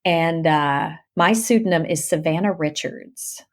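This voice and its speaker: A woman audiobook narrator chatting as a podcast guest, telling animated stories, laughing often and acting out her own asides. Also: sits low, unhurried. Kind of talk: casual interview chat.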